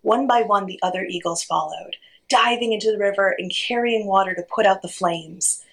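Breathy woman reading a story aloud. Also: mid-range voice, moderate pace, poor audio. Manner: expressive, gently animated reading.

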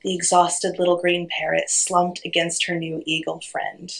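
A woman reading a children's story aloud, expressive and gently animated. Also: on the low side, moderate pace, gravelly, poor audio.

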